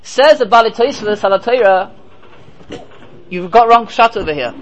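A man's voice: high-pitched, animated, moderate pace, lo-fi sound. A man teaching a Torah class as a rabbi, speaking emphatically, asking and answering his own rhetorical questions, and dropping in Hebrew and Yiddish terms.

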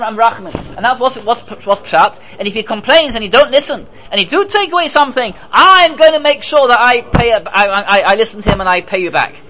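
Very high-pitched with a sharp tone, this man's voice comes through poor audio as he teaches Torah as a rabbi. He speaks with emphasis, fielding his own rhetorical questions and dropping in Hebrew and Yiddish words.

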